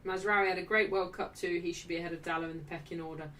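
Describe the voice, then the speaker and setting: A young woman runs a live football watchalong, reacting with excitement and reading out messages from chat. Her voice is bright and forceful. She sits a little back from the microphone. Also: lowish voice, fast talker, recorded from a distance.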